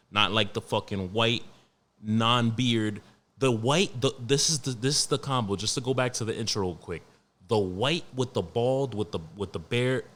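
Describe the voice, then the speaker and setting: A man in his late twenties hosting a podcast alone, talking in a profane, rambling, animated way. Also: mid-range voice. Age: 20s. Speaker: podcast host. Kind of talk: casual solo podcast rant.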